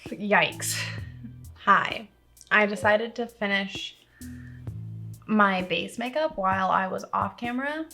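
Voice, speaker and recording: A young woman talks her viewers through a makeup tutorial in a loose, rambling way, poking fun at herself as she works. Her pitch sits in an ordinary middle range. Soft music plays faintly underneath. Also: measured pace, vocal fry. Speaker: makeup vlogger. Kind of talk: casual chatty makeup tutorial. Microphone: camera on a tripod.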